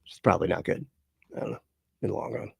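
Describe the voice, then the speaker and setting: A man's voice: sits low, rapid-fire, creaky, a little mellow, breathy edge, no room sound, clean studio sound. A man streaming casually, reading chat comments aloud, rambling with frequent laughs and swearing. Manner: rambling, laughs often, profane asides.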